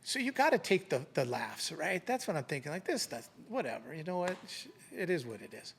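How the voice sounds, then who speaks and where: A middle-aged man with a gravelly, somewhat high voice recounts an old work story in a relaxed interview. He slips into the voices of the people involved as he goes, and his delivery is animated and conversational. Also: fairly quick, a little hiss or hum. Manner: animated anecdote telling, acting out quoted voices. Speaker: retired police sergeant, guest.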